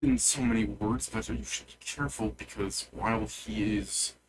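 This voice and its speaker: A man voicing a nervous male attendant who speaks in a hushed, worried tone. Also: fairly low pitch, big pitch swings, moderate pace, noisy background, voice pushed down.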